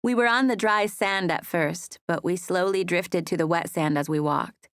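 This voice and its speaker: A woman narrating a first-person romance audiobook in a soft, wistful manner. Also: on the low side, moderate pace, dry recording, studio quality.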